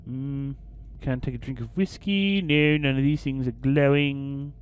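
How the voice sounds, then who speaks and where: A man's voice: mid-range voice, unhurried, clean tone, no echo. A man hosting a let's play, commenting casually and reading game text aloud in a theatrical storytelling way. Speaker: gaming channel host.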